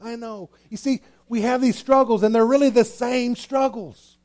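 A man's voice: very high voice, steady tone, normal speed, darkish tone. A man preaching a sermon, emphatic and repetitive, asking his listeners rhetorical questions. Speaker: pastor.

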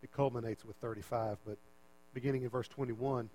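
A man preaching a sermon, repeating phrases and swinging from loud emphasis to quiet asides. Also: steady tone, fairly quick, low-quality recording. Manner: preaching with big swings in pitch and loudness, repeating words for emphasis. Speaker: pastor.

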